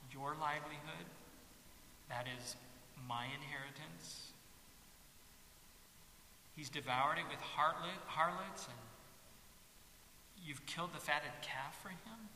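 A preacher doing a sulking, bitter older brother. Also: male voice, sharp tone, exaggerated voice. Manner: low, bitter, slow complaining. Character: sulking resentful older brother, a young man. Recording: echoey hall with faint hiss.

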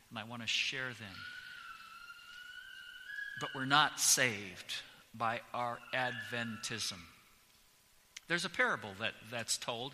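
A pastor preaching a sermon in a church, speaking slowly and with strong emphasis. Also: male voice, medium pitch, sharp tone. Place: church sanctuary. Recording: long church reverb.

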